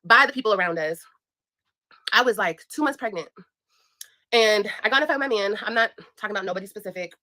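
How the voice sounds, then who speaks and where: Talking fast in a bright, forceful, mid-range voice, this young vlogger recounts something personal with animation and long pauses. She's blunt, emphatic and profane, speaking directly to her viewers in a casual way.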